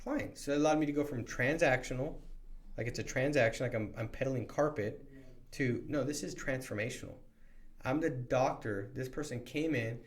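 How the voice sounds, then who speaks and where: Man, middle pitch, sales trainer, motivational talk, energetic, conversational, restarts sentences. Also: normal speed. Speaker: sales trainer for new insurance agents.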